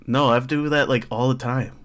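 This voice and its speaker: A man's voice: mid-range voice, steady tone, moderate pace. A man co-hosting a podcast, candid and musing aloud with fillers. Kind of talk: casual chat.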